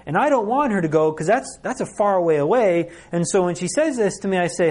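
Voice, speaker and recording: A man's voice: high voice, lively intonation, fairly quick, hardly any pauses, a little mellow. A middle-aged man giving a conference sermon in a conversational way, acting out quoted lines. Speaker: conference speaker.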